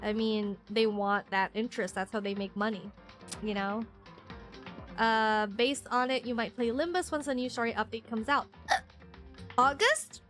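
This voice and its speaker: Chatty, slightly high-voiced woman streamer. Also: measured pace, fairly bright tone, soft background music. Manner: rambling, chatty, laughs often, many fillers. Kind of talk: casual live-stream chat.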